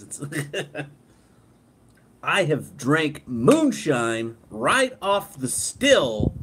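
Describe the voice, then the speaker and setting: Unhurried man chatting on a live stream. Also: medium pitch, rough recording. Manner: relaxed, reads viewer comments aloud, laughs often. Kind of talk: casual live stream chat. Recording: clear background noise.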